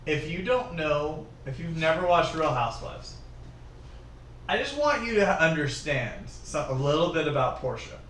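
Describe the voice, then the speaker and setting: A young co-host in casual chat, quick to poke fun with silly put-on voices. His tone is bright and animated, a little high for a man. He is recorded from a distance in an echoey room with a faint hiss behind him. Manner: quick to mock with silly impressions.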